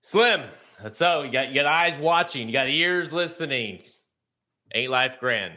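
Bright-voiced laughing male host. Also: fairly high pitch, expressive, moderate pace. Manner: laughs often, loose and rambling. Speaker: podcast host. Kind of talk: casual podcast chat.

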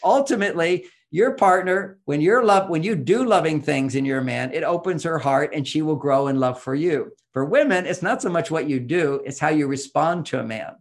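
Gravelly man giving emphatic advice. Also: expressive, moderate pace, hardly any pauses. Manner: emphatic, teacherly, rising pitch on key points. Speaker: relationship advice guest. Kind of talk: explanatory interview talk.

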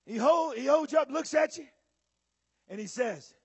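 A male preacher, giving a sermon with bursts of shouting and drawn-out emphasis to a church audience. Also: extremely high pitch, lively intonation, dry recording. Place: church or conference hall with audience.

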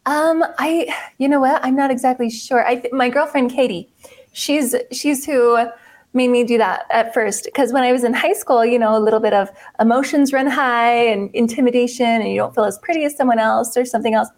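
Guest, female, 30s, slightly high voice, upbeat and candid, restarts often. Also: darkish tone. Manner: upbeat, candid, speaks in quick bursts with trailing restarts. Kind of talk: casual interview conversation.

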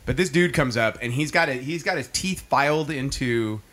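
A man's voice: mid-range voice, moderate pace, a bit bright. A man telling anecdotes in casual chat, chatty and often laughing. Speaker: podcast co-host.

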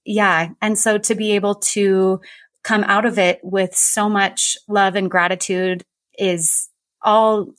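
A woman guest turns interviewer on a podcast, thinking out loud in a reflective conversation. She speaks at a middle pitch in a warm, affirming way, and the recording is dry. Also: level tone, slow pace, no room sound.

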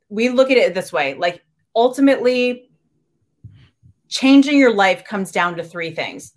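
A woman who works as a trainer and coach, speaking as a podcast guest in an animated, chatty way full of "like" and restarts. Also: mid-range voice. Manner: animated, filler-heavy talk with frequent "like" and restarts. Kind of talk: casual interview conversation.

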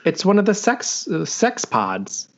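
A man's voice: high-pitched, huge pitch swings, unhurried. Joking man on a muffled video call. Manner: joking, profane, acts out characters' lines. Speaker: podcast co-host. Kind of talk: casual recap chat. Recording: dull lo-fi audio.

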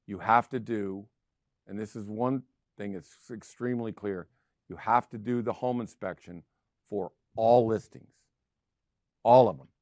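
A man's voice: lowish voice, fairly even intonation, unhurried, pauses often, darkish tone, no room sound, clean studio sound. A middle-aged man hosting a real estate show, talking casually and driving his points home with emphatic repetition. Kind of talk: casual talk show monologue.

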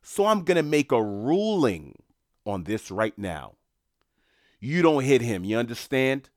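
A man voicing a menacing male Boston mob enforcer with a Boston accent, loud and laying down the law. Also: mid-range voice, sing-song, measured pace, no echo, studio quality. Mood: threatening.

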